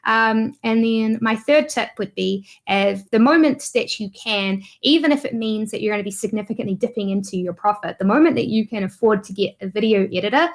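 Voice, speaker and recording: A woman's voice: mid-range voice, a little fast, few pauses. A woman with a New Zealand accent, a guest YouTuber chatting casually in an interview, laughing often and using lots of fillers.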